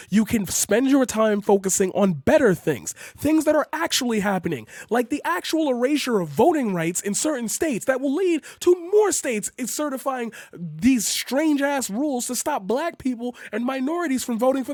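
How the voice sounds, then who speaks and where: A man's voice: very high-pitched, a little mellow, dry recording, clean studio sound. A man ranting heatedly in a political vlog, profane and emphatic, repeating his phrases for force. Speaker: channel host.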